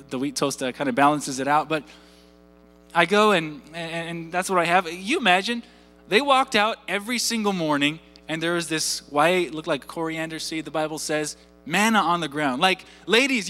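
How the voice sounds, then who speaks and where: Male pastor, 30s, high, forceful tone, faint music under the sermon. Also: normal speed, big-room sound. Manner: conversational, repeats words, asks the audience questions.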